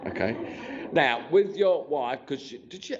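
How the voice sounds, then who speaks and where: A man's voice: a little high, animated, a little slow. A man giving a live mediumship demonstration in a church, chatty and joking with the congregation. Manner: chatty, joking, cheeky, restarts often. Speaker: spiritualist medium. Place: church hall. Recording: dull lo-fi sound.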